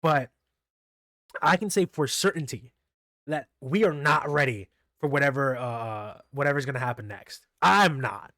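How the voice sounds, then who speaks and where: A man's voice: mid-range voice, expressive, measured pace, sharp tone, no room sound, clean studio sound. A man casually recapping comic chapters for his channel, rambling with lots of fillers and restarts. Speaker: manga review channel host.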